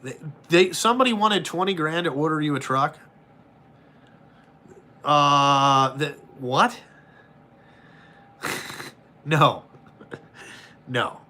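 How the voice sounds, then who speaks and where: A man's voice: fairly high pitch, extremely slow, long pauses. A man, a truck driver chatting casually and bluntly with his viewers, swearing often and reenacting his calls. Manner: profane, blunt and animated. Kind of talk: casual chat answering viewers.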